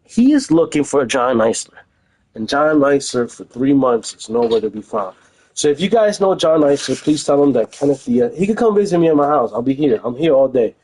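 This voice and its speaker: A man's voice: mid-range voice, lively intonation, moderate pace, a little mellow, slightly rough, poor audio. A young man streaming from home, talking in a heated, emphatic casual rant and repeating phrases for stress. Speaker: livestreamer.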